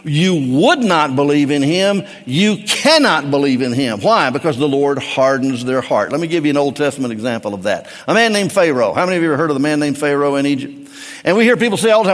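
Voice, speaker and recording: A middle-aged man, a pastor, preaching a sermon with emphatic swings between raised and hushed delivery. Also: a little high, expressive, a little fast, long reverb tail.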